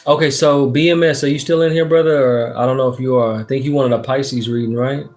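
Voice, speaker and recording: A laid-back man with a drawl chats on a live stream, pulling tarot cards and reading out comments. His voice sits at an everyday middle pitch, and his slangy, easygoing talk is full of shout-outs and the odd curse. Soft music plays faintly behind him. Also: fairly even intonation, brisk. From Texas. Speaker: livestream tarot reader. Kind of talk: casual livestream chat, reading comments aloud.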